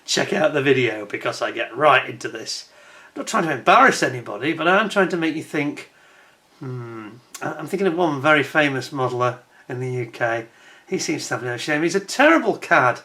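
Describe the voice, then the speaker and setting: This scale-model channel host chats casually to camera in a mid-range voice that's animated, brisk and sharp. He's talkative, pokes fun at himself and laughs a lot.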